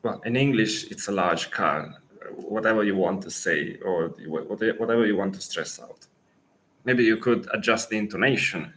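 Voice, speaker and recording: A man with an Italian accent, a native Italian speaker coaching Italian in a live Q&A lesson, pausing thoughtfully and restarting phrases. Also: on the low side, animated, a bit bright, poor audio.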